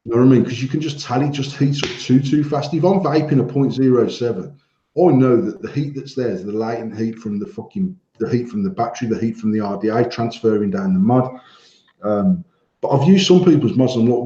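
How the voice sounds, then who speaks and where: A man tells stories from his shop in a loose, swearing podcast chat. His voice is mellow and warm. He sounds a bit dull and roomy, as if recorded in an echoey space. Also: mid-range voice, fairly quick. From United Kingdom. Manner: swearing storyteller, animated when telling anecdotes. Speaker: podcast co-host, vape shop owner. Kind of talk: casual banter podcast.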